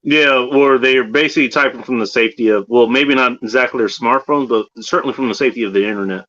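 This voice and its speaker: A man's voice: mid-range voice, quick pace, fairly bright tone. Profane easygoing male stream host. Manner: profane, easygoing, laughs often. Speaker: livestream host. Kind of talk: casual stream chat. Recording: slightly muffled lo-fi audio.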